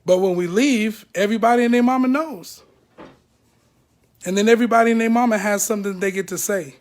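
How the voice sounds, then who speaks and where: High-voiced man venting blunt and animated. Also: brisk. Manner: animated, acts out other people's words; blunt and profane. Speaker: ex-member speaking out. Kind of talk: emotional talk to camera.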